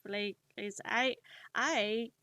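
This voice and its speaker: A woman's voice: a little high, steady tone, drawn-out words, pushed and bright, no echo. A young woman with a Spanish accent, chatting casually on a stream while she draws, rambling and poking fun at herself. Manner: rambling, self-deprecating, laughs often.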